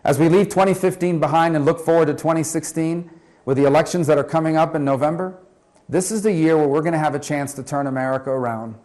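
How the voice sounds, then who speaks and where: A man's voice: on the high side, steady tone, fast talker, darkish tone. A man, a senator running for president, giving an upbeat scripted campaign greeting.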